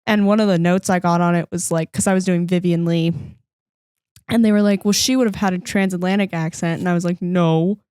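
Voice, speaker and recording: A woman's voice: on the low side, steady tone, fast, a little mellow, clean tone, no room sound, studio quality. A woman co-hosting a podcast, chatting expressively about film with some ums along the way. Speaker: podcast co-host. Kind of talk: casual film discussion.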